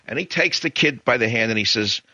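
A man's voice: mid-range voice, lively intonation, a little fast, bright, forceful tone, no echo, muffled recording. A middle-aged American man hosting a talk radio show, retelling a story in a rambling, emphatic way with opinionated asides. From United States.

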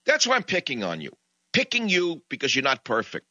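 God as a firm, patient chooser with a bright, dry voice, put on by a man. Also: mid-range voice, huge pitch swings, a little fast, dry recording, dull audio, voice pushed up, heavily acted. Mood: insistent. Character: insistent male God choosing an imperfect leader.

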